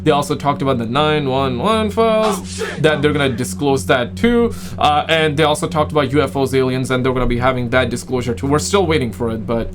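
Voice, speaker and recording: A man's voice: medium pitch, animated, fairly quick, over music. A man hosting a casual reaction commentary, slangy and exasperated, calling everyone bro and man. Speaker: reaction host.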